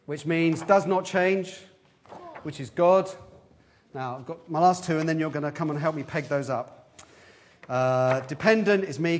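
A man giving a lively, interactive children's talk in a church service, quizzing the children as he goes. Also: fairly high pitch, slight background noise. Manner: lively, questioning the children, quick asides.

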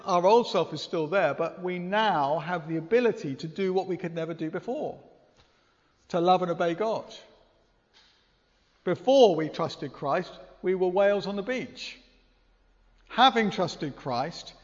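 A man preaching a sermon in a church, earnest and conversational, often asking rhetorical questions. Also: high-pitched. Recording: long reverb, dull lo-fi sound.

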